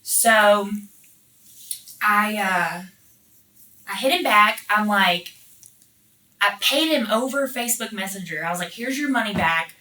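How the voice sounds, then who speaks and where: A woman's voice: mid-range voice, slow pace, long pauses, sharp tone. A woman being interviewed, telling a rambling story in casual chat, full of swearing and fillers like "like" and "you know". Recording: roomy echo, mic at a distance.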